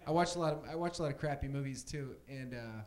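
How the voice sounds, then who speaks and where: A man's voice: medium pitch, quick pace. A young man doing a stand-up set on a comedy club stage, rambling casually and full of fillers.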